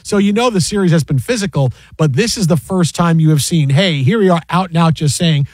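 Animated male sports radio host. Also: fairly high pitch, a little fast, hardly any pauses, no room sound, low-quality recording. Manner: animated, acts out quoted voices. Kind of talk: casual sports talk radio.

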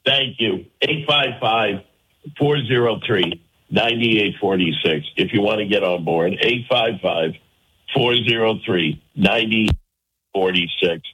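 Low-voiced guy hosting call-in radio, big swoopy delivery, pushes his points hard. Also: fairly bright tone, slight background noise, rough recording. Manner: emphatic, argumentative, poses rhetorical questions. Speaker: talk radio host.

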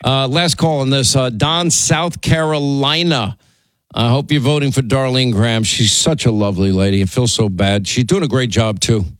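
Man, talk radio host, quick repetitive restarts, dry studio sound. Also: medium pitch, no room sound. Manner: rapid, self-interrupting, stammering restarts.

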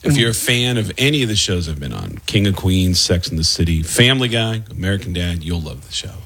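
A comedian from the Bronx, a man telling animated stories as a guest in a casual interview, slipping into voices along the way. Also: low-pitched, a little fast, slightly rough. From the Bronx, New York. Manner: animated, breaks into impressions and laughter.

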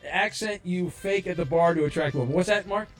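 A man's voice: high voice, a little fast, soft background music. A man hosting a call-in game show on the radio, rambling through fillers and jokes. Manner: rambling, stumbles over fillers. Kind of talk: loose, joking radio talk.

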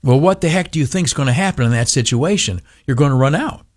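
Middle-aged male host, grumpy ranter, mid-pitched, dry close sound, lots of stumbles and ums. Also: lively intonation, quick pace, no room sound. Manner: grumpy ranting, stammered restarts, many fillers. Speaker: commentary host. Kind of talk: political monologue.

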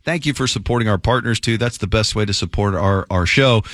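A man's voice: on the low side, brisk, fairly bright tone, no echo, studio quality. A man hosting a morning radio show, upbeat and reading ads. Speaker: radio host. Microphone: studio mic.

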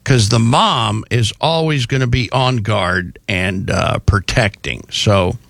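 A man hosting a talk show, telling news stories in a casual, animated way with jokey asides. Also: lowish voice, takes it slowly, vocal fry, no room sound. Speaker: radio show host.

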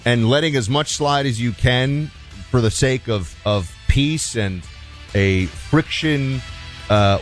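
Opinionated male radio host. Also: mid-range voice. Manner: rambling, opinionated, with frequent restarts and quoted asides. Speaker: radio talk show host. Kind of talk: conversational radio monologue.

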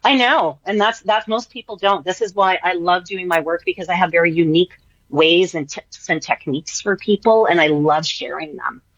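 A woman's voice: fairly low pitch, normal speed, fairly bright tone, no room sound, dull audio. A woman guest on a radio interview, talking with enthusiasm, repeating phrases and tagging on "right?". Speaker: spiritual energy worker guest.

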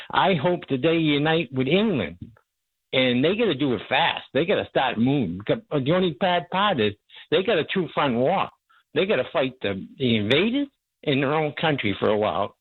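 A man calling in to a radio talk show, speaking emotionally and haltingly over a phone line. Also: mid-range voice, breathy edge, dry recording. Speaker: caller.

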